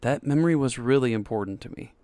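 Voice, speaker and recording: A man's voice: mid-range voice, expressive, fast, mellow, no echo, close to an everyday voice. Man voicing a shaky, hurt young graduate. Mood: earnest. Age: young adult. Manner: shaky but determined.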